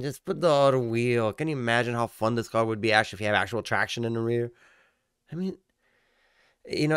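A man reacting and ranting excitedly in a casual car vlog. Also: fairly low pitch, clear, resonant tone, no room sound, clean studio sound. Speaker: car vlogger.

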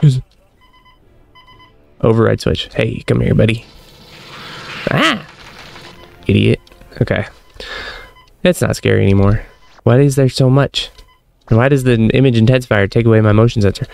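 Gravelly-voiced young man playing a game. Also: medium pitch, steady tone, normal speed, long pauses, darkish tone. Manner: jumpy, self-mocking reactions. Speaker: gaming streamer. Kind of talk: let's-play commentary.

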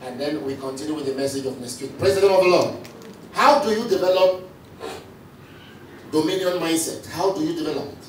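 A man's voice: a little high, fairly quick, pauses often. A male pastor preaching a sermon, calling out lines and repeating them for the congregation to answer. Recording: echoey hall from far off, faint noise.

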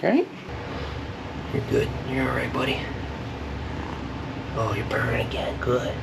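A man vlogging at home, talking in soft baby talk to a kitten while he bathes it. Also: medium pitch, a little slow, gravelly, very noisy. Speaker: fishing vlogger. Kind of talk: casual vlog talk. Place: indoors at home, bathing a kitten in a tub.

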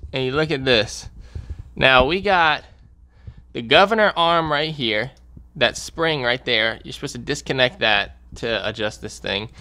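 A man's voice: mid-range voice, sharp tone, smooth, no echo. A man hosting a repair channel, talking casually through a how-to, plain-spoken and repeating warnings for emphasis. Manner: plain-spoken, walks through steps while pointing things out.

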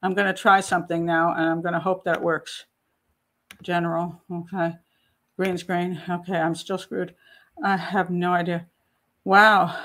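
A woman's voice: fairly low pitch, a bit bright. Breathless chatty woman in her sixties. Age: 60s. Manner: chatty, exclaiming, talks to herself while troubleshooting. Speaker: host. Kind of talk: casual livestream talk. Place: home.

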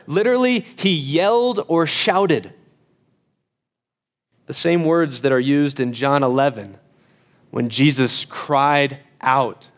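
A man with a fairly high voice preaches a sermon with emphasis. He slows right down and goes quiet on key phrases, and now and then repeats words as he restarts a sentence. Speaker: pastor.

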